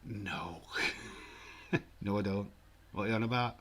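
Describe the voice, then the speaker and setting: A man's voice: fairly low pitch, a little slow, husky. A man in his forties with a Yorkshire accent, hosting a casual livestream, joking, laughing often and reading out viewer comments. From England. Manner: jokey, laughs often, mild swearing. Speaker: livestream host.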